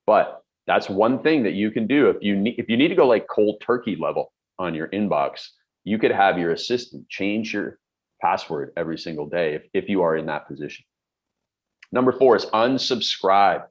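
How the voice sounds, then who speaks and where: A man's voice: deep voice, animated, normal speed, muffled recording. A middle-aged man coaching on productivity, talking bluntly and emphatically with everyday examples. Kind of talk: direct-to-camera advice talk.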